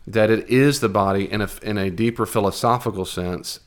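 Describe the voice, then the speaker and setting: A man teaching a Bible class in a conversational, animated way, with fillers and restarts. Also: lowish voice, a little fast.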